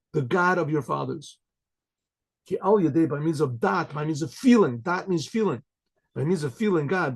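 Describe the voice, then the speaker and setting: A man, a rabbi, teaching a Torah class in a conversational sermon style, often clearing his throat and translating Hebrew phrases as he goes. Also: a little high, darkish tone.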